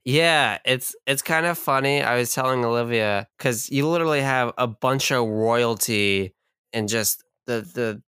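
A man co-hosting a casual chat, joking loudly with heavy swearing and mock outrage. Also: mid-range voice, clean tone, dry recording, studio quality. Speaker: podcast co-host.

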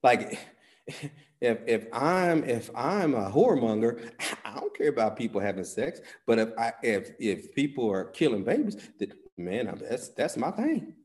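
A pastor preaching a sermon, folksy with "y'all", swinging between loud bursts and hushed asides. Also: male voice, medium pitch, big pitch swings, a little slow. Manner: folksy talk with "y'all" and "ain't".

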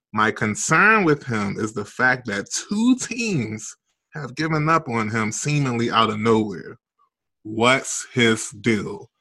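A man with a deep voice co-hosting a sports podcast, chatting in an animated, emphatic way. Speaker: podcast co-host. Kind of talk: casual sports podcast chat.

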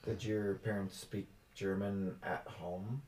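A man conducts an oral history interview, asking probing, conversational questions. His voice is low and mellow. It carries a roomy echo over a faint background hum. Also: flat delivery, slow. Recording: echoey room.

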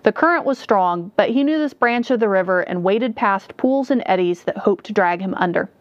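A woman narrates a dark fantasy tale in a measured, steady storytelling manner. The recording is dull and dry, close with no room echo. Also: mid-range voice. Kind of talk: audiobook narration.

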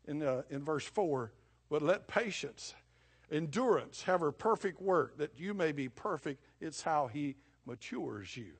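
A middle-aged man preaching a sermon, impassioned, swinging between loud declarations and low, hushed asides. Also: expressive, moderate pace, husky. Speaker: pastor.

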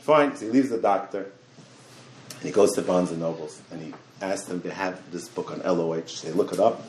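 A man teaching a Torah class in an animated way, repeating words and talking in quick bursts. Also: sits low. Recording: echoey room.

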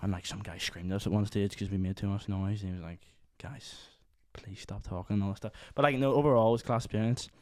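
A man's voice: on the low side, fairly even intonation, very fast, hardly any pauses, darkish tone, dry recording, studio quality. A young man with a Northern Irish accent telling a rambling story in casual chat with friends, full of fillers and asides.

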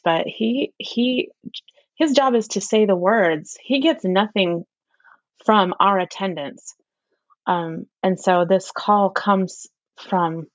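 A woman's voice: mid-range voice, dry recording. A woman in a casual religious discussion who speaks earnestly and reads quotations aloud with feeling. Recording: dry, slightly muffled audio.

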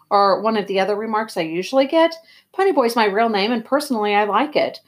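A woman reading a novel aloud in a plain, even first-person narration. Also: medium pitch, brisk. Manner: plain, even read-aloud with throat clearing. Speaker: reader.

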